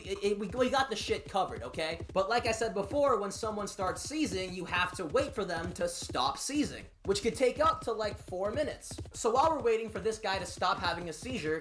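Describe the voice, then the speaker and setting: A man's voice: high voice, a bit bright, a little hiss or hum. A young man telling a casual storytime video, swearing constantly and talking emphatically, often turning to the listener with rhetorical asides. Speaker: YouTube storyteller.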